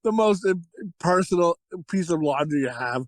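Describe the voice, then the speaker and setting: A man co-hosting a casual movie review podcast, talking in a crude, profane, rambling and excitable way. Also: on the high side, moderate pace, dry recording, poor audio. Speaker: podcast co-host.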